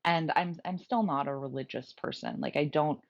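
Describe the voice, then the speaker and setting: Woman, very low voice, dull lo-fi sound, reflective candid podcast chat, easy laughter. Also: normal speed, vocal fry. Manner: open, reflective, laughs easily. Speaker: podcast co-host.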